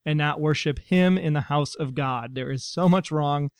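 A man's voice: fairly high pitch, moderate pace, smooth, dry recording, studio quality. A man co-hosting a casual talk show, reading listener messages with a wry delivery. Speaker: podcast co-host. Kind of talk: casual chat.

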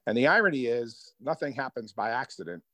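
A man telling personal stories as a guest in an interview, lively and conversational. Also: medium pitch, fairly quick, no echo. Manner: animated storyteller, acts out quoted voices. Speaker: author and guest. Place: Hoboken.

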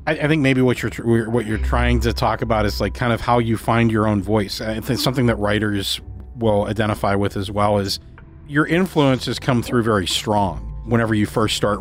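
Thoughtful low-voiced man host. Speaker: podcast host. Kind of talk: casual interview chat.

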